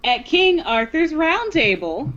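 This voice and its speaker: High, lively teasing woman player. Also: takes it slowly, dull audio, crowd noise. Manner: teasing, jokey, playful. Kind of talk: casual banter among players.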